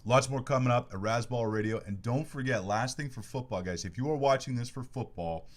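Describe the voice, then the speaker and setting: A man's voice: mid-range voice, a little fast. A man hosting a sports podcast from a studio, chatty and jokey, running through plugs in a casual way. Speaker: podcast host.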